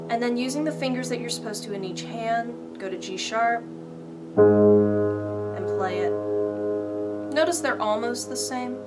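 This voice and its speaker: A woman with a slightly high voice teaches piano slowly and patiently, counting the beats aloud. She calls out rhythms as she plays, and the piano rings out loud under her words. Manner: patient step-by-step instruction. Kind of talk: online piano lesson.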